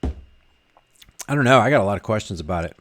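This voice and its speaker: A man's voice: fairly low pitch, expressive, moderate pace, fairly bright tone, slight background noise. A man vlogging casually, reading viewer comments aloud and rambling with frequent restarts and repeated words. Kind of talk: casual live chat.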